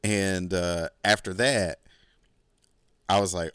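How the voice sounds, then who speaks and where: Speaking unhurriedly in a fairly low, slightly bright and smooth voice, a man narrates a lengthy story on his own podcast. There's no room sound and the studio audio is clean, while his delivery stays rambling, foul-mouthed, "like"-heavy, and casually boastful.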